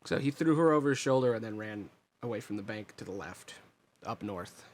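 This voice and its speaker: A man narrating as game master of a tabletop role-playing game, describing scenes in a relaxed, meandering way with fillers. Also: on the low side, a little fast.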